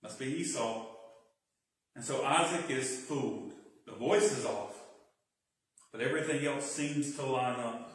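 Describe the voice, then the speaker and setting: A man's voice: mid-range voice, unhurried. A male pastor teaching a Bible study sermon in a dramatic, explanatory way. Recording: very echoey hall from far off.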